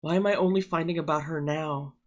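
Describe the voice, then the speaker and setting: A man's voice: fairly high pitch, steady tone, a little fast. A man streaming live, chatting casually and irreverently while reacting to clips on a studio microphone. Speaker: livestreamer.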